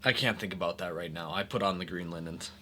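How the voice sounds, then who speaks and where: A man playing in a tabletop game, describing his actions slowly and hesitantly. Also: sits low, sharp tone, a little hiss or hum. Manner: slow and hesitant, many fillers. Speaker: player. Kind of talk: tabletop role-play, in character.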